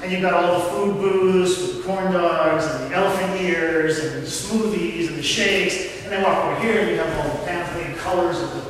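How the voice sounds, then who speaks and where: A man's voice: high-pitched, moderate pace, hardly any pauses, a little hiss or hum. A man pastor preaching a sermon and telling a story to his congregation in a church hall. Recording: echoey hall, mic at a distance.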